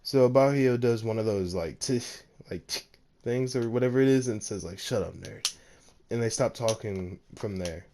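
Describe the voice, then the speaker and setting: A man's voice: medium pitch, moderate pace, dark tone. A man casually narrating a fan-made story, rambling with lots of fillers and laughing at his own slips.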